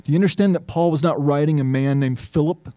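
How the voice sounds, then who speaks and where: Emphatic pastor with a dark, mellow voice. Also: male voice, a little high, fast talker, dry recording. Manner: earnest, emphatic, thinking aloud with restarts. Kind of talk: sermon.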